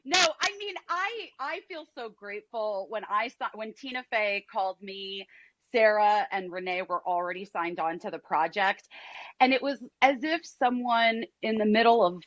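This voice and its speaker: A woman actress talking as a guest in an interview, excitable and emotional. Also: medium pitch, normal speed, no echo, highs cut off. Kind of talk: emotional casual chat.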